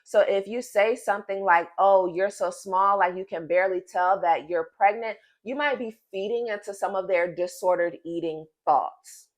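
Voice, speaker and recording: A pregnant woman in her thirties talks to camera in a casual vlog, her voice sitting at an ordinary middle pitch. She vents with emphatic, animated energy and speaks straight to her viewers as if they were friends. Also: normal speed, few pauses. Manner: emphatic and animated, addresses viewers as "y'all" and "girl". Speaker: vlogger.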